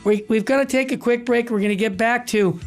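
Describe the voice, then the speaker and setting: A man's voice: very high-pitched, fairly quick, soft background music. A man hosting a Catholic radio talk show, telling stories with energy and acting out the voices of people he quotes. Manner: animated storyteller, acts out quoted voices.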